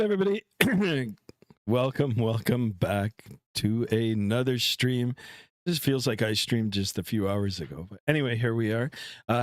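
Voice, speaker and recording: A middle-aged flight sim streamer chats casually on a live stream from a room at home, rambling through his setup into a headset mic with lots of "uh"s. His relaxed, fairly low voice sounds dry and close, with no room around it.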